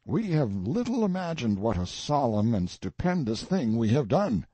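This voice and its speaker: A man's voice: mid-range voice, big pitch swings, moderate pace, mellow, slightly rough, no room sound. A man reading the part of a grandiose, eccentric old colonel in an audiobook, declaiming solemnly and pompously. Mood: grandiloquent.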